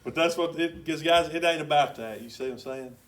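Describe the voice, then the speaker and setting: A man preaching in a church, telling a story in a colloquial, excitable way with sudden loud bursts. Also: fairly high pitch, a little fast, distant mic, a little hiss or hum. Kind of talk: sermon with storytelling. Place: church sanctuary.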